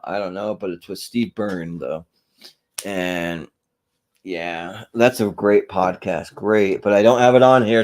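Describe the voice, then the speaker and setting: Offhand, rambling man, fairly low voice. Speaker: podcast host. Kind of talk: casual solo ranking chat.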